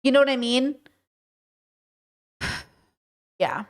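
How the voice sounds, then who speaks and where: A woman's voice: sits high, slow pace. A woman with a Valley girl accent hosting a livestream monologue, reading chat aloud and often tagging her sentences with "okay?" and "you know?". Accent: California Valley girl. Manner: talkative, frequent "okay?" and "you know?" tags; mimics other people's voices and mannerisms. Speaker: streamer and podcast host.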